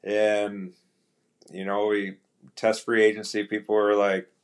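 A middle-aged man with a fairly low voice talks as a guest on a podcast. He tells his stories in a relaxed, chatty way, slipping into the voices of the people he quotes. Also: unhurried. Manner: relaxed anecdotal storytelling, acts out quoted dialogue. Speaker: guest, retired hockey player. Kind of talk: casual storytelling interview.

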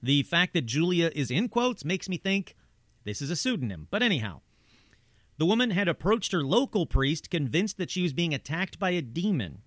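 A man's voice: on the high side, very animated, normal speed, fairly bright tone, no echo, clean studio sound. A man narrating paranormal stories in a conversational way, with asides and rhetorical questions. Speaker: host. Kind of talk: true-crime style narration.

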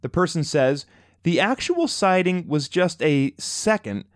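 A man's voice: a little high, lively intonation, a little slow, dry recording, studio quality. A man co-hosting a podcast in casual chat, playful and jokey as he tells a story. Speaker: podcast co-host.

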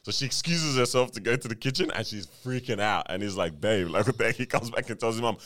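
A man's voice: mid-range voice, quick pace. A man, co-hosting a podcast, telling stories in casual chat and laughing often. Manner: animated storyteller, laughs often, says "bro". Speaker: podcast co-host.

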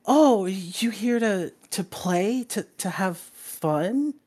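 Brief: man playing a creepy little kid, sweet and unsettling, high voice. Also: lively intonation, takes it slowly, darkish tone, heavily acted. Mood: eerie sweet. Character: small eerie child with missing fingers.

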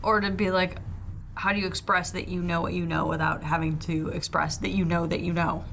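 Bright-voiced woman player. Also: fairly low pitch, level tone, vocal fry, slight background noise. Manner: chatty, agreeable, quick to laugh. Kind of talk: casual tabletop play.

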